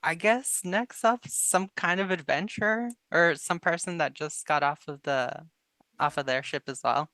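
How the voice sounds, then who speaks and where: A man's voice: on the high side, unhurried, bright, forceful tone, no echo. A man playing a tabletop game, talking casually and a bit hesitantly. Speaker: player.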